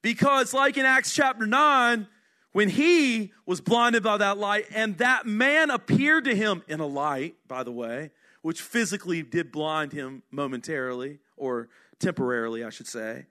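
Middle-aged guy preaching, high bright voice, chatty and earnest, keeps asking the crowd questions. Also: measured pace. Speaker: senior pastor. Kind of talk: sermon.

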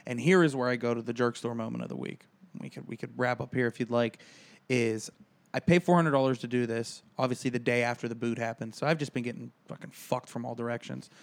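A man's voice: medium pitch, fairly even intonation, fast, gravelly. A man co-hosting a casual comedy podcast, telling a rambling, self-deprecating story. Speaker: podcast co-host.

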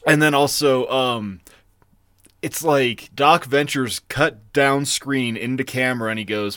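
A man's voice: mid-range voice, unhurried, bright, forceful tone, no echo, studio quality. A man co-hosting a podcast, rambling loosely and laughing as he talks through his favorite moments. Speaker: podcast co-host. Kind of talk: casual chat.

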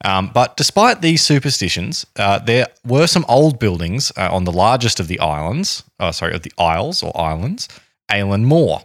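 A man's voice: lowish voice, very animated, normal speed, no room sound, studio quality. An Australian man co-hosting a podcast, recounting a story in a rambling, jokey way and often correcting himself. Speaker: podcast co-host. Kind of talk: casual chat, telling a story.

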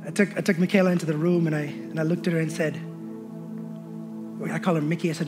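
A pastor preaching a sermon in church, building emphatically and slipping into relaxed storytelling with quoted dialogue. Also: male voice, fairly high pitch, fast, pauses often, over music.

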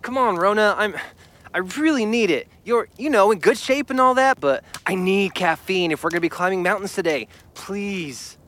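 A woman's voice: mid-range voice, big pitch swings, takes it slowly, a bit bright, heavily acted. A woman voicing a nerdy young man who pleads eagerly. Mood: pleading.

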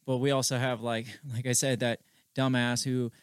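A man co-hosting a podcast, talking politics in a casual, animated way. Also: medium pitch, normal speed, clear, resonant tone, no room sound, studio quality. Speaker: podcast co-host.

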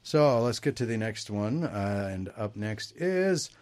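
A man's voice: on the low side, expressive, unhurried, a little mellow. A man hosting a casual movie-review podcast, reading out a plot and joking about it in a wry, laughing way. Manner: jokey, wry, laughs at his own lines. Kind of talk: casual chat.

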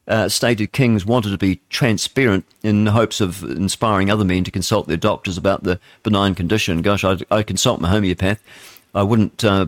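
Kiwi bloke on talk radio, lowish voice, dry studio sound, rambly and opinionated with lots of ums. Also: male voice, no room sound. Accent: New Zealand. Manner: rambling and opinionated, many fillers and chuckles. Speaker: radio talk show host. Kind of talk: live talk radio commentary.

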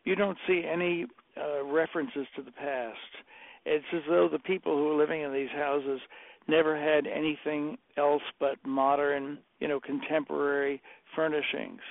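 An older man, a decorator telling rambling, animated anecdotes and acting out the quotes in a casual chat. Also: on the high side, moderate pace, vocal fry, dry recording. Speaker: interior decorator guest. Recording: dry tinny phone-like audio.

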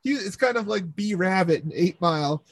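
A man's voice: high-pitched, expressive, normal speed, dry recording. A man telling rambling stories in casual chat, full of filler words and swearing. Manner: rambling storyteller, heavy on "like" and swearing. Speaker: former camp counselor telling stories.

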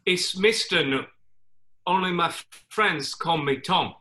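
A man's voice: on the high side, slight background noise. A man voicing a menacing male raccoon loan shark with a Cockney accent in a comedy sketch read over a video call, talking in clipped broken grammar. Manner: slow, quietly threatening, clipped broken grammar.

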